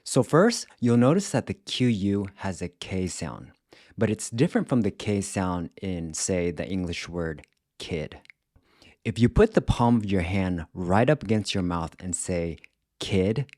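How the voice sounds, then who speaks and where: A man teaching a language lesson in a scripted, careful way, repeating words slowly to show how they are said. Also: deep voice, a little mellow, dry recording, studio quality. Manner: slow, careful, demonstrates pronunciation by repeating words.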